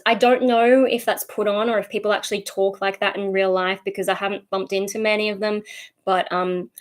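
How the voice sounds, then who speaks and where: A woman with a Sydney accent, chatting casually on a livestream as she answers viewer comments in a rambling way, full of ums and likes. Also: mid-range voice. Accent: Sydney Australian. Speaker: streamer answering chat.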